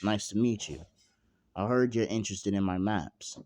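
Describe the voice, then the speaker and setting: Guy casually doing a young woman navigator from a fan anime tale, halting and stumbling over her words, pitched a little higher than his own lowish voice. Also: a little mellow, natural voice. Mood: hesitant. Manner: hesitant, stammering. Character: young woman navigator, surprised then tearful.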